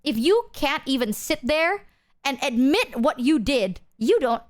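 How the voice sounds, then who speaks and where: A woman's voice: sits high, very animated, unhurried. A woman streamer chatting casually with viewers, candid and self-deprecating, swearing freely and restarting her sentences. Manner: restarts and filler-heavy.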